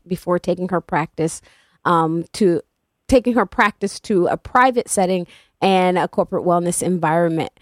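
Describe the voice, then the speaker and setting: A woman's voice: darkish tone, no room sound, studio quality. Chatty woman hosting community radio. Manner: chatty and playful, with sudden upward swoops in pitch. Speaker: radio show host. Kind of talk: casual community radio talk show. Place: radio studio.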